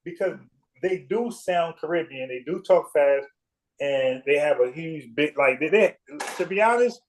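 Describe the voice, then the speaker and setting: His voice sits a little high, and he sounds animated but unhurried. He's a South Carolina man hosting a livestream debate that's casual but heated, speaking bluntly with plenty of profanity and repeating himself when fired up.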